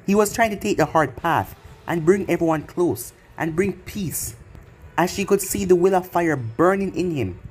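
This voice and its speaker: A man narrating a fan fiction story in a plain, even reading voice. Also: high-pitched, normal speed, slight background noise.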